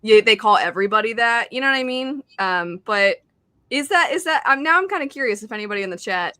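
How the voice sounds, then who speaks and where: A woman's voice: a little high, animated, fast talker, sharp tone, no echo, studio quality. A woman hosting a reading stream in casual chat, reading out chat messages and laughing often. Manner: chatty, reads chat aloud, laughs often.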